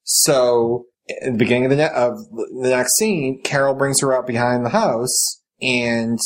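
A man's voice: mid-range voice, steady tone, unhurried, rough recording. A man chatting on a casual podcast, recapping a TV episode. He rambles with frequent restarts and jumps his voice up to play out quoted lines. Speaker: podcast co-host.

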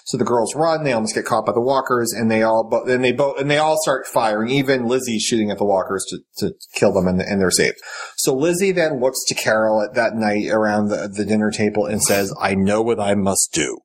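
A man's voice: fairly low pitch, a little fast, a little hiss or hum, rough recording. Man, casual podcast chat, rambling recap, restarts, acts out quotes. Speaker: podcast co-host.

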